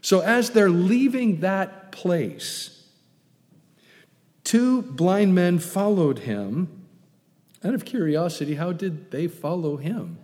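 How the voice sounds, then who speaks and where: A male pastor preaching a sermon, urging loudly one moment and dropping to soft, hushed asides the next. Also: high-pitched, expressive, slow. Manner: emphatic, swings between loud urging and soft hushed asides. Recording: reverberant hall.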